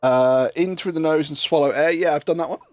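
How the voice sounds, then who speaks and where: Guy streaming with hiccups, a bit high, dry close sound, faint music behind, rambly and sweary. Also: brisk, a little mellow, no room sound. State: has the hiccups. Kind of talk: casual livestream chat while gaming.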